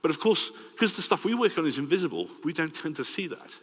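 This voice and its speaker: A middle-aged man with a Welsh accent giving a lively, conversational conference talk and often checking in with "right?". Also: on the high side, fast. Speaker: conference speaker. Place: large conference hall. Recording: long hall reverb.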